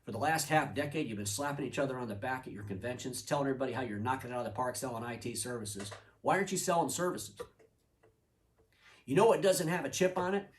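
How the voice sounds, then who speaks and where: Fast-talking man hosting a fireside chat. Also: mid-range voice, distant mic. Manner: animated storytelling, acting out characters in quick voices. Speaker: show host. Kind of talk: fireside video commentary. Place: indoors by a fireplace.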